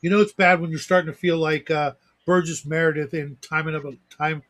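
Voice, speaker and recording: A man's voice: a little high, fairly even intonation, fairly quick, a bit bright. A man hosting a livestream, chatting casually and rambling with lots of restarts and asides. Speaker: livestream host. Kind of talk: casual chat.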